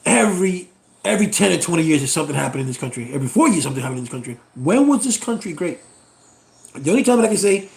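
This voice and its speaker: Channel host, American man, middle-aged: high, fry-edged voice, blunt and profane political rant. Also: echoey room. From United States. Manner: blunt and exasperated, swears freely.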